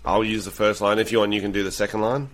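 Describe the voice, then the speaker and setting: A man's voice: lowish voice, level tone, fast. A man with an Australian accent co-hosting a casual comedy podcast, crude and playful, laughing often. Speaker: podcast co-host.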